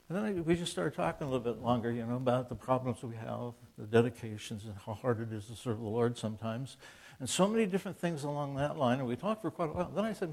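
A man's voice: mid-range voice, fast, darkish tone. A man in his seventies, a Christian author, gives an informal, conversational preaching talk. He rambles with restarts and asides, and he acts out quoted dialogue in an earnest, plainspoken way. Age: 70s.

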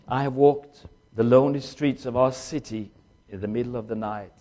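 Older male former preacher, emotional testimony, halting short phrases, mid-pitched voice. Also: warm tone. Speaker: former pastor and missionary. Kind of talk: personal testimony.

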